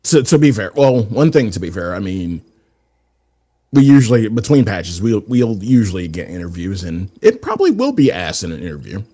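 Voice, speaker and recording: A man's voice: lowish voice, sing-song, normal speed, dark tone. A man co-hosting a casual discussion show, hesitant and often restarting his words. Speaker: podcast co-host. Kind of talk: casual chat.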